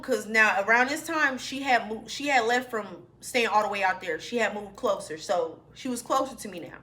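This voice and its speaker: A woman's voice: a little high, normal speed, few pauses, bright, forceful tone. A young woman, telling a personal story to her viewers in a chatty, informal way. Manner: chatty, addresses viewers as y'all. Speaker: vlogger. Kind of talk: storytime vlog.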